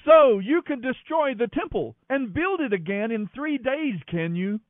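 A man's voice: very high-pitched, lively intonation, unhurried, no echo, voice pushed up. A man voicing a sneering, taunting mob. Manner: sneering, taunting, raised and loud. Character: jeering crowd of mocking men, scornful. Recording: thin phone-like sound, dry.

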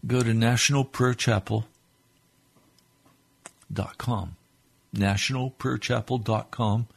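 A man's voice: mid-range voice, fairly even intonation, slow, vocal fry, husky. A man preaching on a radio broadcast, leading a fervent, pleading prayer that swells and drops. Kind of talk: sermon prayer.

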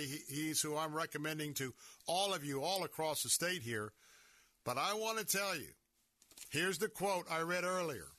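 A man hosts a conservative talk radio show from a studio, speaking emphatically and sounding worked up. His slightly high voice is pushed and bright, captured on a studio microphone with no echo.

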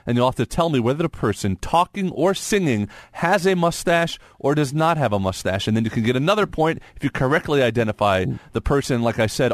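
A man's voice: mid-range voice, no room sound, studio quality. A man hosting a radio quiz segment in casual banter, laughing often and explaining rules loosely. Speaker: quiz game host on sports radio.

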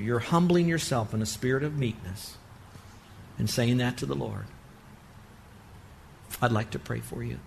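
A man's voice: medium pitch, creaky, a little hiss or hum. A man preaching as a pastor, leading an earnest altar call that rises to fervent exhortation. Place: church sanctuary.

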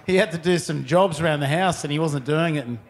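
A man chatting casually as a guest, halting and restarting often. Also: on the high side. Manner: halting, starts over often, laughs. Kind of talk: casual chat.

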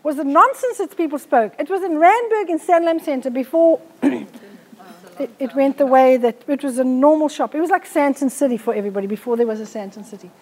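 A woman's voice: high voice, brisk, darkish tone. A middle-aged woman, giving a blunt, forthright live health talk to an audience on a handheld mic. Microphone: handheld microphone.

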